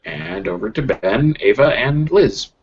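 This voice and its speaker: A man's voice: mid-range voice, expressive, measured pace, vocal fry, slight background noise. A man running a tabletop game as game master, chatty and joking with fillers, over slightly muffled voice chat.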